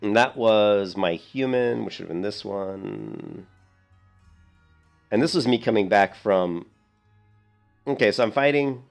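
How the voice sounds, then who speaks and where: A man in his thirties, a streamer telling a rambling, animated story in casual gameplay commentary. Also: on the low side, measured pace, creaky, pauses often, faint music behind.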